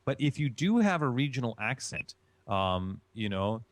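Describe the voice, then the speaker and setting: A man with a mid-range voice whose pitch moves a lot as he explains his craft. He talks emphatically and repeats key phrases to drive a point home. The recording is dry, with no trace of a room. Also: very animated, normal speed, no room sound. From Chicago. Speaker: voice-acting guest. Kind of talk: instructive interview answers.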